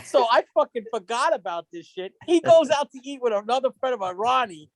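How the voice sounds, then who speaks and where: A man's voice: very high-pitched, animated, brisk, no echo. A young man telling rambling, profane stories on a casual podcast, laughing as he goes. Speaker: podcast guest. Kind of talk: casual storytelling chat.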